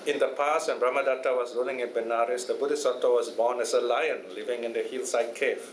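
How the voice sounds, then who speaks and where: A man's voice: mid-range voice, fairly even intonation, fairly quick. A Buddhist teacher telling a fable to a study class, chatty and often checking in with his listeners. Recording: echoey room, faint noise.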